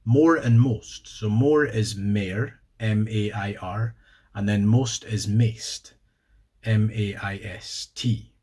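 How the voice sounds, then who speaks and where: Slow, husky Scottish man. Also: on the low side, fairly even intonation, darkish tone. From Scotland. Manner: spells words letter by letter, dry jokes. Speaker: video host. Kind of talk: casual explanatory vlog.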